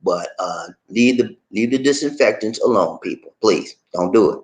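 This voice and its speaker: A man hosting a livestream, chatting casually and reading viewer comments aloud in an animated, laughing, drawling way. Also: on the low side, moderate pace. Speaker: livestream host.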